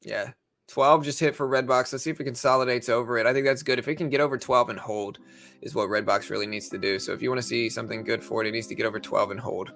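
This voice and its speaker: Brief: young male stream host, rapid-fire patter, gravelly edge, faint music behind. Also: medium pitch, steady tone, a bit bright. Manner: fast, chatty, gravelly delivery with quick ad reads. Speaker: trading livestream host. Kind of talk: live market commentary.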